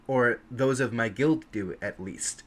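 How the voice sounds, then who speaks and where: A man doing a sly soft-spoken elf guild master. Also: mid-range voice, a little slow, natural voice. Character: smug male elf guild leader, sly.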